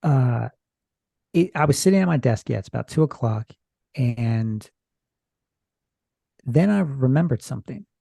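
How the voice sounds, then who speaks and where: A man with a gravelly, husky voice tells a story in a loose, rambling way, pausing often. His tone is dark and mellow, and the sound is close and dry. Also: medium pitch, lively intonation, no room sound. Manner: rambling, hesitant retelling from notes. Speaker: podcast guest. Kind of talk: casual storytelling chat.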